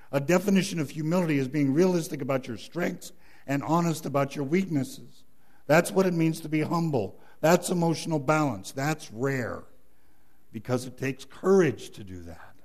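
A man's voice: fairly high pitch, animated, normal speed, a little mellow. A man preaching a sermon as pastor, emphatic, quoting scripture and telling a joke story.

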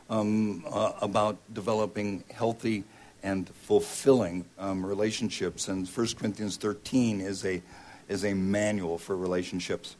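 A male pastor giving a sermon in a conversational way, often pausing with ums and uhs. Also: on the low side, a little mellow.

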